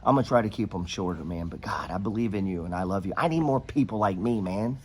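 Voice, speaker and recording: A man's voice: deep voice, animated, fast, a little mellow, a little hiss or hum. A middle-aged American man hosting a podcast, giving money advice in a blunt, profane, rambling motivational rant. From United States.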